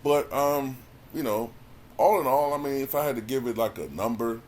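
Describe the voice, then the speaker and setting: A man's voice: medium pitch, normal speed, a little mellow, a little hiss or hum. A man giving a casual spoken review as a commentator, conversational and repeating words as he thinks. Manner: conversational, repeats words when thinking, frequent "you know what I'm saying". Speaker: YouTube commentator reviewing a stand-up special.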